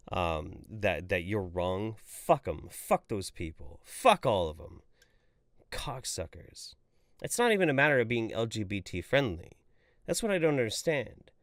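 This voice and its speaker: A man hosting a live stream swears freely and swings his pitch up and down as he reacts in exasperation. His mid-pitched voice is recorded close and dry, with no room sound around it. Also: dry recording. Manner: profane, exasperated, animated. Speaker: livestream host. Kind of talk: casual live-stream chat.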